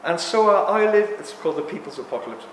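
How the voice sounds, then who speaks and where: Fast and a little high-pitched, this voice belongs to a sixty-something man from England speaking at a talk. Before a live audience he rambles animatedly, rants, then apologizes, in a roomy recording with long hall reverb and faint background noise.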